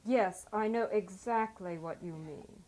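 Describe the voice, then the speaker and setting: A woman's voice: mid-range voice, a little slow, a little mellow, natural voice, low-quality recording. An actress playing a stiff, formal woman reciting polite lines.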